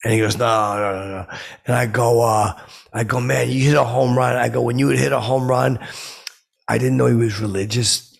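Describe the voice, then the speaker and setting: A man playing a clueless, brash comic who rambles through stories with loud outbursts when he quotes himself. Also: medium pitch, steady tone, moderate pace. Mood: rambling. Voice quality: gravelly, husky voice. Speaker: comedy podcast host in character. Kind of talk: rambling comic storytelling monologue.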